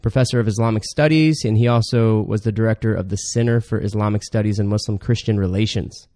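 A man's voice: fairly low pitch, fast talker, mellow, no echo, studio quality. A man co-hosting a podcast, chatting casually and laughing often between explanations. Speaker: podcast co-host.

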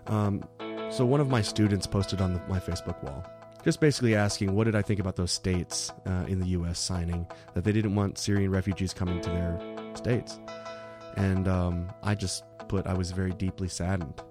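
A man's voice: low voice, fairly even intonation, brisk, over music. A man co-hosting a Christian show, talking earnestly about an interview and laughing easily. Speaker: podcast co-host. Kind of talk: casual commentary.

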